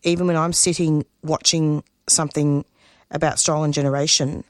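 A woman, a community radio producer speaking as an interview guest, earnest and emotional, halting and restarting her sentences. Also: low-pitched, little pitch movement, no echo, studio quality. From Australia. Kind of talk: interview guest, spontaneous talk.

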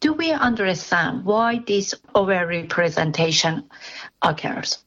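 A woman interviewing, asking questions in a gentle, attentive way. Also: lowish voice, big pitch swings, unhurried, highs cut off. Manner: gentle, attentive, many soft affirmations. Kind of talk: interview questions, soft backchannels.

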